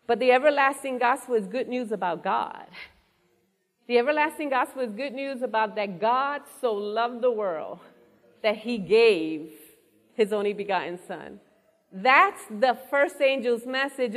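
A woman delivers a sermon in a fairly high voice. She speaks with earnest conviction and keeps turning to the congregation with questions. Her voice rings out into a hall with a long, lingering reverb. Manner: earnest, asks the audience questions. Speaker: preacher.

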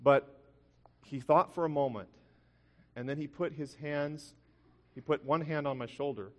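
A man's voice: fairly high pitch, unhurried, long pauses. A man preaching a sermon, telling a personal story earnestly, with frequent restarts. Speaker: pastor. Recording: long hall reverb.

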